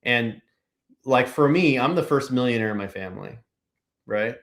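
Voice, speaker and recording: Speaking at a moderate pace in a mid-range, expressive, slightly bright voice, this Pennsylvania business owner is a guest on a podcast. The interview is casual, and he rambles, leaning heavily on "like" and "you know."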